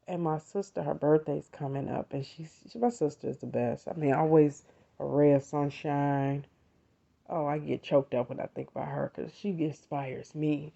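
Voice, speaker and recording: Talking about faith and gratitude with heartfelt warmth, a middle-aged American podcast host chats with listeners she calls "you all". Her low, mellow voice holds a steady tone with vocal fry at a moderate pace, and the audio sounds dull.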